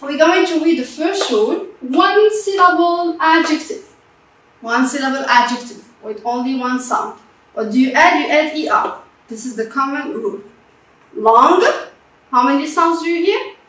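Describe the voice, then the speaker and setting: A woman teaching a grammar lesson in English, slow and patient, repeating words and checking with her students. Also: high voice, fairly bright tone. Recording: echoey room from a distance.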